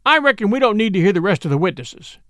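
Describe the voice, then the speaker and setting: A man voicing a domineering, impatient frontier judge with a loud, commanding, folksy manner. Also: high voice, big pitch swings, quick pace, no room sound, studio quality, pitched above the performer's own voice.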